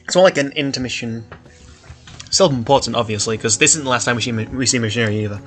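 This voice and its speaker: A man's voice: mid-range voice, fast talker, fairly bright tone, soft background music. A man casually reading a story aloud and stopping often to comment on it. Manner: chatty, laughs often, comments between passages. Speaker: reader of an online story.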